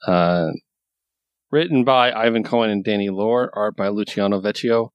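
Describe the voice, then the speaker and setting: A man's voice: fairly low pitch, moderate pace, clean tone, no echo. A man co-hosting a comics podcast, laid-back and plain, reading out book credits. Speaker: podcast co-host. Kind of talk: casual podcast chat.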